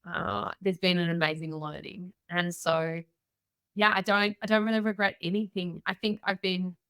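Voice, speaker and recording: A woman's voice: on the low side, moderate pace, clean tone, no echo. A middle-aged Australian woman, a guest entrepreneur on a podcast, telling candid stories and acting out the voices of people in them. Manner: candid, animated storyteller acting out quoted voices. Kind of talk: podcast interview storytelling.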